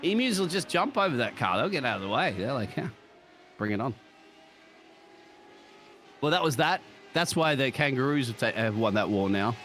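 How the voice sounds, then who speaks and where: An Australian man commenting on a sim racing broadcast, joking and laughing often, with excitable jumps in pitch. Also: fast talker, hardly any pauses, a little hiss or hum. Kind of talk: live race commentary banter.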